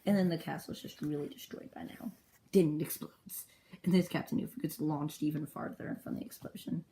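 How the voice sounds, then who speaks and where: A woman excitedly retelling the story of her own comic journal in a rambling, casual way, jumping into brief character voices. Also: deep voice, fairly quick, creaky.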